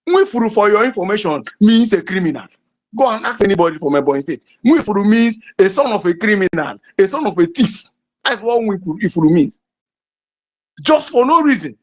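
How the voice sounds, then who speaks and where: A fervent political activist from southeastern Nigeria, with a Nigerian English accent and a lively pitch, gives an impassioned political address marked by emphatic, repetitive rhetoric. It's captured in a dull, lo-fi recording.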